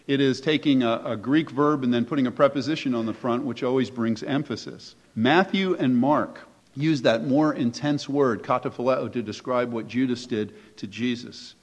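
Male pastor preaching in an echoey hall. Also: medium pitch. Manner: conversational, emphatic preaching with rhetorical questions. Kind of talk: sermon. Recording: echoey hall, dull lo-fi sound.

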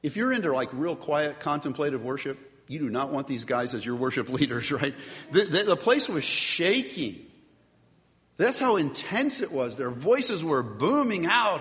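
Man, pastor, lively sermon, slightly high voice, long hall reverb. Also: normal speed. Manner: animated preaching with asides to the congregation.

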